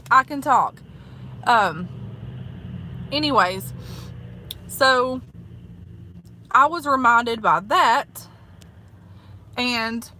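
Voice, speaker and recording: A chatty woman in her thirties with a Southern US accent, talking to her viewers from inside a parked car. Her voice is bright and a touch high, folksy and full of "honey" and "like". The talk is loose and casual. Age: 30s. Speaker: vlogger. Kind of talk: casual eat-with-me vlog chat.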